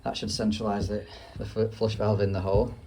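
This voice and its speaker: Low-voiced english plumber bloke chatting through a toilet job, dry moany asides. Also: male voice, level tone, brisk, mellow, a little hiss or hum. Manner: chatty, dry grumbling asides while working. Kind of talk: casual work vlog narration. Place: indoor bathroom on a job.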